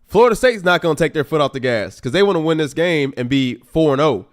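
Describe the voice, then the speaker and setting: A young man hosts a casual football watch stream, reacting live to every play. His voice sits a bit high for a man and swings up and down constantly, from steady coaching advice to exasperated, shouted outbursts. He sounds close to a desktop streaming mic. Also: fast. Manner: animated, talks back at the game, rising to exasperated outbursts. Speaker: livestream host.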